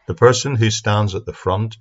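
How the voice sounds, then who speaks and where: Low-voiced man teaching the Bible. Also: normal speed. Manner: earnest, steady explaining. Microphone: speaking into a mic. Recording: dull lo-fi sound.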